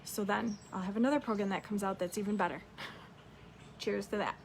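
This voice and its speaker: A woman's voice: mid-range voice, steady tone, brisk, gravelly, slight background noise. A woman business coach giving a casual, upbeat motivational talk, swearing freely and talking straight to her listeners.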